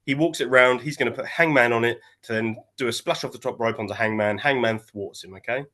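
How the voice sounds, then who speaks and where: A man's voice: medium pitch, fairly quick. Man retelling a wrestling match. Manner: animated storytelling, acting out quotes in shifting voices. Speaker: wrestling podcast co-host. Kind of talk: casual chat.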